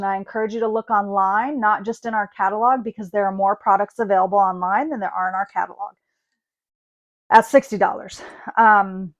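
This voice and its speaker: Recorded with lo-fi sound, a mid-range female voice leads a relaxed card-making class online. She's the host, chatting and talking through her thoughts while she demonstrates the craft.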